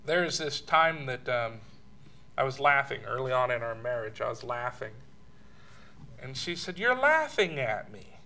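A man preaching a sermon, telling personal stories with chuckles and at times sinking to a soft hush. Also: medium pitch, moderate pace, creaky, long pauses.

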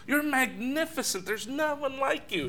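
A man's voice: very high-pitched, lively intonation, moderate pace, pushed and bright, pitched above the performer's own voice, exaggerated voice. A preacher voicing a humble young bride who plays herself down and praises her beloved in a raised, gushing voice. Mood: adoring. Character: humble young bride, self-effacing and adoring.

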